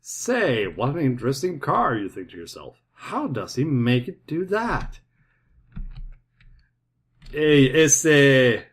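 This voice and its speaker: Guy reading game text and making wry remarks, very lively pitch. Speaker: let's play commentator. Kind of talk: let's play commentary and reading game text.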